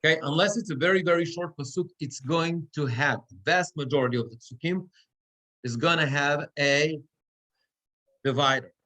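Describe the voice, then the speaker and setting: Speaking at a normal speed, a cantor gives a classroom lecture on Torah reading in a synagogue. His voice sits on the high side, bright and forceful, and he explains each step while often checking on his students.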